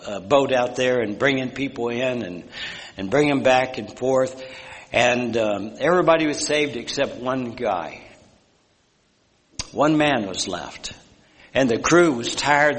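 Folksy preacher with hall reverb. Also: male voice, medium pitch, fairly bright tone. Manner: folksy, rambling, with fillers and asides. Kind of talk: sermon with storytelling.

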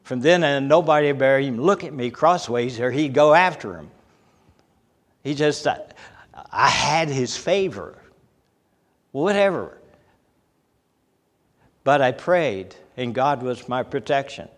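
A man's voice: medium pitch, lively intonation, unhurried, pauses often. An older man preaching a folksy sermon, telling personal stories with a chuckle. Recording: hall reverb.

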